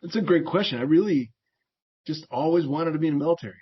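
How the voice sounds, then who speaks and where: A man's voice: a little high, fast talker, breathy edge. A middle-aged American man, a veteran and therapist, telling stories from his youth as an interview guest, laughing often and acting out the people he quotes. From United States. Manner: relaxed storyteller who laughs often and acts out quoted voices. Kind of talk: casual storytelling. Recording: dull lo-fi audio.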